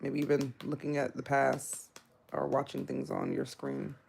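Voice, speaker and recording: A woman in her thirties giving a live tarot reading, talking bluntly in casual, animated bursts with laughing asides. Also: extremely low pitch, measured pace, creaky, husky. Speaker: tarot reader and therapist.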